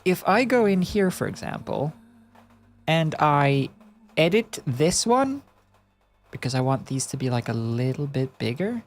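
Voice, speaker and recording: A woman live-streaming as she animates, thinking aloud and making playful sound-effect noises. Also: deep voice. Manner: thinks aloud while working, half to herself. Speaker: streamer animating digital art. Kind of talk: casual live-stream commentary.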